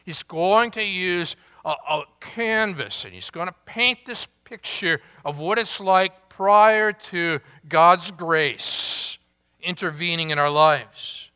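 A pastor delivers his sermon at an unhurried, measured pace, stressing key words and posing rhetorical questions to his listeners. His voice sits slightly high for a man and sounds bright and clear. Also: in a large hall. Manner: deliberate, emphatic preaching with rhetorical questions.

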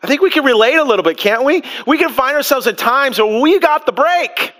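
Animated, bright-voiced male preacher. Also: very high-pitched, a little fast. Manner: animated preaching with rhetorical questions and acted-out quotes. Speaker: pastor. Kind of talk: sermon.

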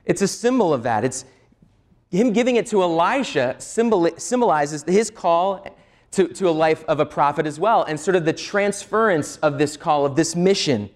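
A man with a high voice preaching a sermon. He explains a scripture passage in an earnest teaching manner. He often stops to ask the listeners rhetorical questions. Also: animated, moderate pace. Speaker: pastor.

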